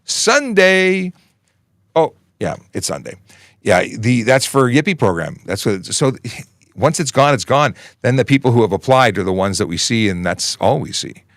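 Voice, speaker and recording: A man in his forties hosts a police Q&A livestream from a podcasting station. His voice sits a little low and sounds dry and close. He chats in a loose, rambling way, drifting into joking asides and restarting his sentences. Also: lively intonation, normal speed, no room sound. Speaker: police constable hosting a Q&A livestream. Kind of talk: casual livestream chat.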